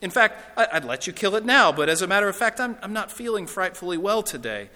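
A man's voice: sits high, big pitch swings, quick pace, sharp tone, pitched above the performer's own voice, exaggerated voice. A man voicing a cowardly male ghost who whimpers, stammers and begs. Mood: pleading, panicked. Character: frightened whining male ghost, cowardly and pleading. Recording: reverberant hall.

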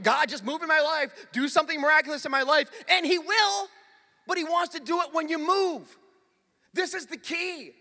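A male pastor preaching a sermon from a church stage, swinging between loud urgent lines and hushed ones. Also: high-pitched, in a large hall. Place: church sanctuary.

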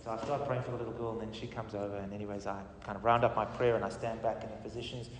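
Middle-aged pastor guy telling a story in a church hall, loud then quiet, roomy echo, mic kinda far. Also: fairly low pitch, very fast, a little hiss or hum. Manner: animated storytelling, rising and falling in volume. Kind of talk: sermon testimony.

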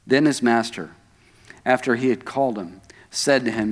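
A man's voice: medium pitch, normal speed. A male pastor preaching a sermon in a church, talking conversationally with asides to the congregation. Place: church sanctuary. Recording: echoey church hall.

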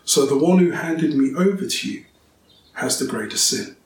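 A man reading the part of a calm, dignified male teacher in a measured, solemn way, recorded roomy and distant. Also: fairly high pitch, a little hiss or hum, lightly acted. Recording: roomy, distant, faint ambience.

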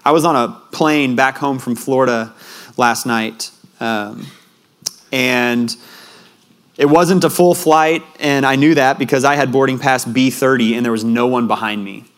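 Male preacher, young adult, earnest storyteller, middle pitch, goes soft and quiet for emotional beats. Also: steady tone, a little slow. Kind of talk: sermon with personal story.

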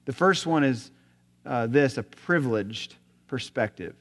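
A male pastor preaching a sermon, telling a story and asking rhetorical questions, often dropping to a soft voice. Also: medium pitch, animated, a little slow. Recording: long hall reverb.

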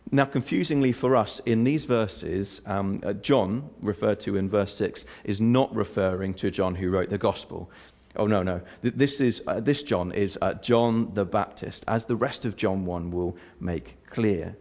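A male pastor with a somewhat low voice walks through a Bible passage verse by verse. He sounds earnest and explanatory, with frequent "uh"s and small restarts. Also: measured pace, darkish tone. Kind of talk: sermon.

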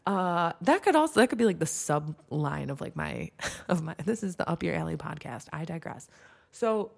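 A young woman from Michigan hosting a podcast, telling a story in a chatty, animated way full of "like". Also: sits low, normal speed, gravelly. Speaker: podcast host. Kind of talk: casual storytelling.

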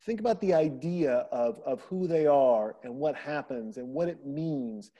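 On a casual podcast, a middle-aged man tells stories about his family and brings them to life by imitating the people he quotes, especially his daughter. His mid-range voice moves at a measured pace, and the recording has a lo-fi quality.

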